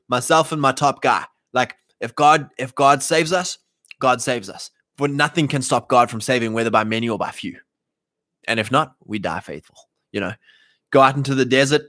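A man's voice: mid-range voice, a bit bright, dry recording, studio quality. A man preaching casually to a live chat, emphatic and slangy, often mimicking imagined voices. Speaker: Christian livestream host.

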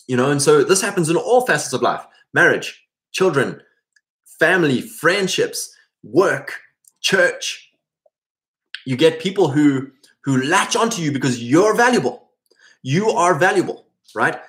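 A middle-aged man giving a casual preaching talk to men, animated and acting out quoted voices as he goes. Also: a little high, a little slow. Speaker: Christian men's teacher.

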